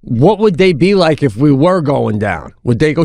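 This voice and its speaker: A man with a fairly high voice that swings up and down a lot as he tells comic stories. He is casual and animated and slips in little put-on voices for other people. The sound is close and dry, with no room echo. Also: moderate pace. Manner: animated storyteller who acts out quotes in put-on voices. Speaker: podcast co-host. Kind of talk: casual comedic chat.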